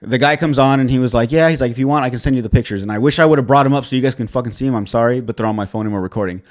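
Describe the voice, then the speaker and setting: Talking rapid-fire in a mid-range voice, this man co-hosts a podcast and relates an irritating story casually. Exasperated and profane, he quotes what each side of the conversation said.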